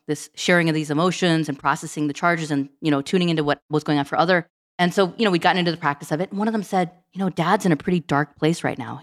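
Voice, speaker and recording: A woman in her forties, a podcast guest, telling personal stories animatedly and acting out family dialogue. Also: lowish voice. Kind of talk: storytelling in a podcast interview.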